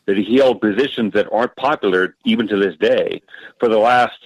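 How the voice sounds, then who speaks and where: A man speaking as a guest historian in a roundtable, measured and thoughtful. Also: on the low side, no echo, rough recording. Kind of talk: casual roundtable discussion.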